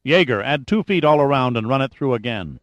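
A man reading an audiobook, voicing a calm, precise male adventurer close to his own voice. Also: medium pitch, brisk, no room sound, close to an everyday voice.

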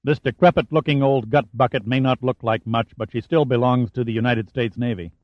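A man voicing a stern male Navy commander who snaps out clipped orders in a raised, forceful voice, in a dull, dry audiobook recording. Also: medium pitch, steady tone, brisk, dry recording, close to an everyday voice. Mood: resolute.

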